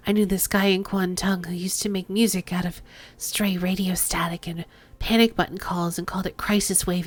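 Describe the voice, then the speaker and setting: A woman's voice: lowish voice, pitched below the performer's own voice, natural voice. Woman voicing a gritty street runner.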